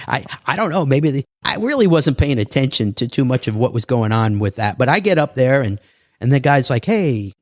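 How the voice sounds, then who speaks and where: Guy spinning stories on a podcast, acts out other people's lines, mid-pitched voice, dry close sound. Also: lively intonation, moderate pace, no echo. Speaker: podcast guest. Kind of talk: casual interview storytelling.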